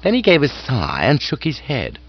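Guy reading a funny novel aloud, wry, lively voice, kinda dull dry recording. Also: medium pitch, normal speed, husky. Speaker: audiobook narrator. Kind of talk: scripted comic narration.

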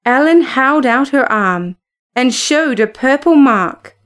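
Brief: female audiobook narrator, clear and measured, slow delivery, slightly high voice. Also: expressive.

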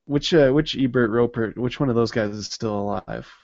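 A man's voice: medium pitch, normal speed, a little mellow, no echo. A young man in casual podcast chat, wry and sarcastic, often laughing at his own jokes. His voice is dry and close, with no room sound. The audio is dull and lo-fi. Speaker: podcast co-host. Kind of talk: casual movie review chat.

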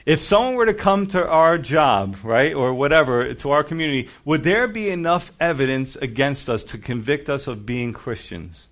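A man's voice: mid-range voice, expressive, moderate pace, hardly any pauses, a bit bright. A man preaching a sermon in a conversational way, acting out quoted voices as he goes. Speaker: pastor.

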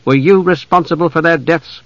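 A man's voice: a little high, expressive, moderate pace, fairly bright tone, dry recording, pitched above the performer's own voice. Brief: a male reader doing a blunt bearded old warrior, raised and exasperated, dry dull audio. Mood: stern. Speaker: audiobook narrator.

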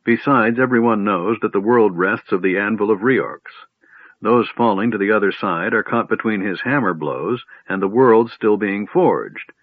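A man's voice: fairly low pitch, moderate pace, slightly rough, no echo. Grumbling, scornful old dwarf, voiced by a man. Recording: tinny phone-like audio.

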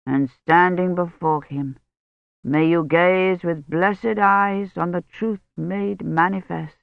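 A reader doing a soft, solemn old-time priest. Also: mid-range voice, fairly even intonation, vocal fry, no room sound. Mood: solemn murmur. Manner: murmured, slow Latin prayers. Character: gentle solemn medieval male priest giving last rites. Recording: dry tinny phone-like audio.

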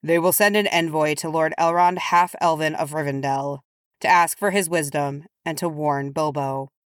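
A woman's voice: sits low, moderate pace, dry recording, clean studio sound, lightly acted. Woman reading as Thorin, grave and restrained dwarf king. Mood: strained calm. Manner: holds his voice even and restrained. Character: grave male dwarf king, weary and guarded.

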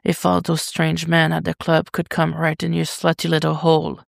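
A reader voicing a dominant but tender adult male lover in an audio story, speaking low and coaxing. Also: monotone, normal speed, vocal fry, dry recording, clean studio sound. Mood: dark, coaxing.

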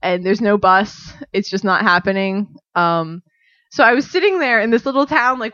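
A woman's voice: mid-range voice, normal speed, fairly bright tone, no echo. A young woman telling a casual story in a rambling way, often saying "like" and laughing. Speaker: storyteller guest. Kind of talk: casual chat. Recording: dull dry recording.

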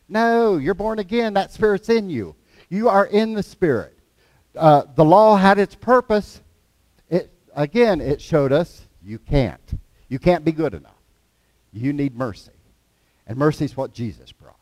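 A man's voice: sits high, unhurried, darkish tone, no echo. A man preaching a conversational sermon in a folksy, plain-spoken way, mixing scripture readings with everyday examples.

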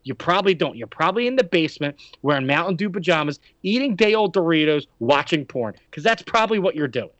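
A man's voice: on the high side, lively intonation, fast talker, few pauses, a bit bright, dry recording. Indignant man ranting on a podcast. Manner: indignant ranting, rhetorical questions. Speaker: podcast host. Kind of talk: heated podcast discussion. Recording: dry, dull lo-fi sound.

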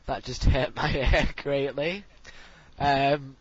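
A man's voice: medium pitch, fairly even intonation, very slow, fairly bright tone, husky. A teenage boy, chatting casually as co-host, giggly and prone to mimicking teachers, a bit wheezy from laughing. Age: teens. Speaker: podcast co-host. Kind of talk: casual chat. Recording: dull lo-fi home recording.

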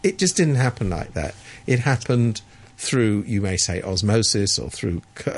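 A man's voice: lowish voice, animated, normal speed, husky. A man giving sardonic, opinionated commentary in a radio studio, stammering and restarting as he talks.

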